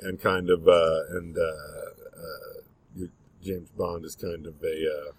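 A man's voice: low-pitched, level tone, slow pace, slightly rough. A man in his forties co-hosting a podcast, talking in an easygoing, reflective way, hedging with "like". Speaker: podcast co-host. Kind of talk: casual chat.

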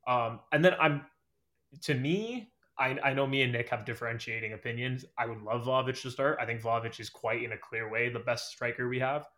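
A man talking loosely on a podcast, working through his opinions with plenty of ums, likes and "I think"s. His voice sits at an ordinary middle pitch. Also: steady tone, fairly quick, a bit bright. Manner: hedging, many fillers and "I think". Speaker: podcast guest, fan. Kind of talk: casual chat.

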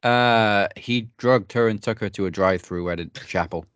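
Chill guy answering trivia questions, real low voice, laughs a lot. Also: normal speed, fairly bright tone, no room sound, muffled recording. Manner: laid-back, laughs easily. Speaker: trivia contestant. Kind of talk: casual podcast trivia chat.

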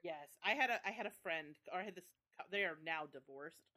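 A woman's voice: fairly low pitch, a little fast. Woman cohost, voice swoops up and down a lot, slangy and laughs easy. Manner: expressive and slangy, laughs easily. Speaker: podcast co-host. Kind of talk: casual chat.

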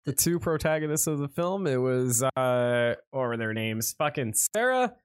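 A man's voice: medium pitch, lively intonation, normal speed, clean tone, dry recording, clean studio sound. A man co-hosting a podcast, recapping a movie in casual chat, joking and swearing freely. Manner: profane, joking, rambling. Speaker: podcast co-host.

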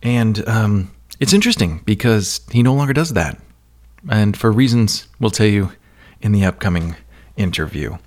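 A man's voice: on the low side, expressive, moderate pace, a little mellow. A male podcast host chatting casually with a guest, laughing easily and rambling loosely. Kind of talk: casual interview chat.

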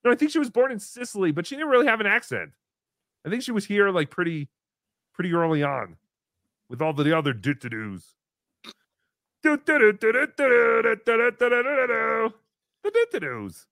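A man hosting a casual livestream, reading paid chat messages with sarcastic jokes. He swings from loud bursts to mumbled asides. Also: sits high, expressive, fairly quick, dry recording, clean studio sound.

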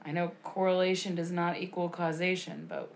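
A woman, co-hosting a casual podcast, reacting with outraged comments and quick interjections. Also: fairly low pitch, little pitch movement, a little hiss or hum. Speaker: podcast co-host.

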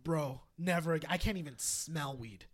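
A young man co-hosting a podcast, telling a story in casual chat, animated and swearing, often laughing. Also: on the high side, moderate pace. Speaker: podcast co-host.

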